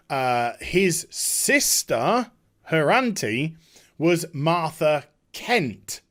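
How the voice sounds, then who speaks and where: A man's voice: on the high side, fairly bright tone. A man giving a sarcastic comedic recap, mimicking the characters as he retells the scenes. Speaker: video reviewer.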